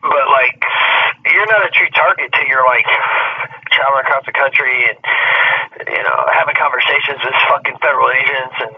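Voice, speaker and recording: A man in casual conversation, telling rambling, excitable stories full of swearing and "dude". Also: mid-range voice, a little fast, breathy edge. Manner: rambling, profane, says "dude" often; excitable storyteller. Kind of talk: casual chat. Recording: dull lo-fi recording.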